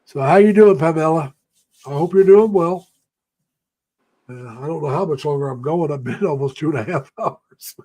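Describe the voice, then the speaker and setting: A man's voice: fairly high pitch, moderate pace, warm tone. Older man rambling through folksy stories. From United States. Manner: rambling, folksy storytelling, greeting viewers by name. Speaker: live-stream host. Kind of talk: casual live-stream chat.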